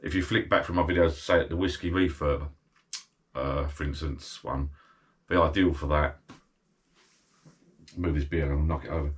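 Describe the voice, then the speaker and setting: A man's voice: extremely low pitch, steady tone, normal speed, long pauses. A middle-aged British man chatting casually while he unboxes a gadget, rambling and thinking aloud as he goes. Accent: British English.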